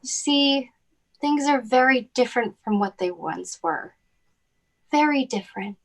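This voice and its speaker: A woman playing a soothing elder sister, slow and high. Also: animated. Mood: gentle. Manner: soft, soothing and motherly. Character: gentle, caring older sister who consoles her sibling. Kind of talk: stage drama acting.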